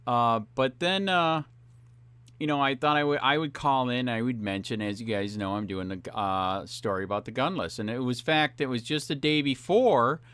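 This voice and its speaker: A man's voice: mid-range voice, moderate pace, a bit bright, smooth, no echo. A man hosting a police watchdog channel, rambling through a profane commentary full of fillers. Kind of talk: ranting video commentary.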